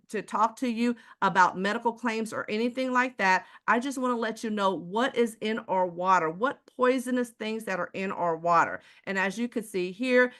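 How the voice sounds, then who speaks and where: A woman's voice: medium pitch, fairly bright tone. A woman with a Texan accent delivers a sales presentation to viewers in a live chat. She talks in a preachy way and keeps asking the audience rhetorical questions. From Houston, Texas. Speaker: water filter seller.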